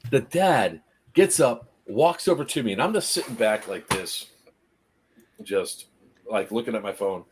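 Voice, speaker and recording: A man telling a story casually on a live stream, animated, laughing often and acting out the people in it. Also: fairly low pitch, a little slow, slight background noise.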